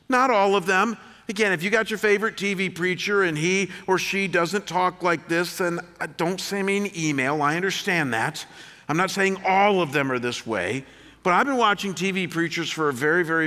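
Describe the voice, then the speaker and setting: A man preaching a sermon as pastor, animated, swinging between loud rises and quiet drops. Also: high-pitched. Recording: long hall reverb.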